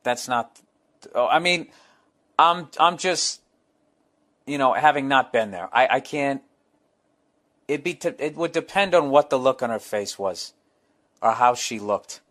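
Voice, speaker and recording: A man's voice: medium pitch, animated, a little slow, pauses often, a bit bright. A middle-aged man hosting a podcast, reading fan letters and riffing bluntly with profane asides. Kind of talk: casual podcast monologue.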